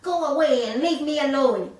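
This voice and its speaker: A woman's voice: sits high, moderate pace, a little mellow, voice pushed up, close to an everyday voice. A woman voicing a grumpy, whining little male kookaburra chick in a storybook reading. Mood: rude. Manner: whining, complaining. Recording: echoey room, voice a bit far off.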